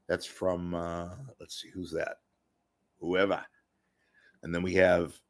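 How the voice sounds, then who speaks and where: A low-voiced man hosts a live stream, chatting in a loose, rambling way. He swears freely, cracks jokes and greets viewers by name as he goes. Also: level tone, measured pace. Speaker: livestream host. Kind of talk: casual rambling monologue to a live chat.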